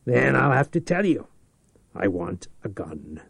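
A man reading aloud, voicing a patient, coldly controlled man who keeps his calm. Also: medium pitch, unhurried, gravelly, breathy edge, no echo, heavily acted. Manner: cold and patient.

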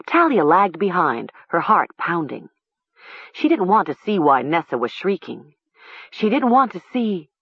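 Woman audiobook narrator, husky, lively intonation, slow, dry dull sound. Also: lowish voice, no echo. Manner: expressive, measured.

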